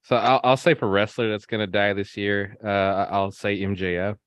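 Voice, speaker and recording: A man's voice: fairly low pitch, little pitch movement, normal speed, clean tone, no echo. A man on a podcast, chatting casually with dry jokes. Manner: dry joking. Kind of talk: casual chat.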